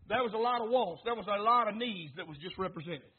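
A man preaching a sermon with fervent, rhythmic repetition, swinging between hushed lines and shouts. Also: sits high, expressive, fast talker, hardly any pauses, breathy edge, narrow, tinny audio. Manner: rhythmic repetition, asks congregation to repeat.

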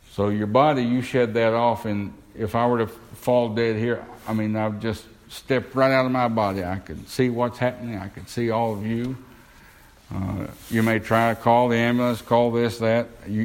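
A man preaching a sermon, earnest and emphatic, lifting his voice when quoting Scripture. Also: on the low side. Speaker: pastor.

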